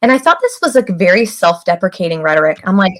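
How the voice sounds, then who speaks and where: A woman's voice: medium pitch, sing-song, quick pace, fairly bright tone. A woman guest on a podcast, an author, telling her story candidly and acting out quoted voices. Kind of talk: casual interview chat.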